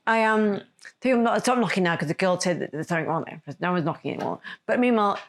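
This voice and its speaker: Aussie woman rambling through a personal story on a podcast, talks fast, keeps correcting herself. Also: medium pitch, animated. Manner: rambling, self-correcting, emotional retelling. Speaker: podcast host.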